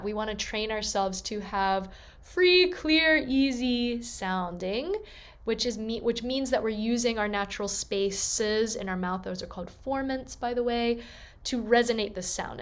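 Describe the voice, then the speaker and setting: With a somewhat high voice, a woman leads a vocal warm-up as a voice teacher, gently encouraging and demonstrating the sounds on her own.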